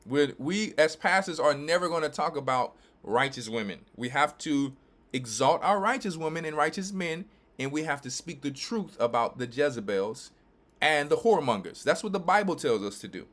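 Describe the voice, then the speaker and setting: A man from Louisiana and Texas, a church elder and pastor, giving emphatic, repetitive preaching commentary with quick restarts. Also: on the high side, expressive, a bit bright.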